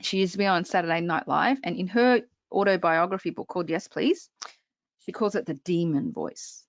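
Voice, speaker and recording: A woman's voice: lowish voice, normal speed, no room sound, lo-fi sound. A woman public speaking coach presenting an online workshop, talking straight to her audience with frequent check-ins.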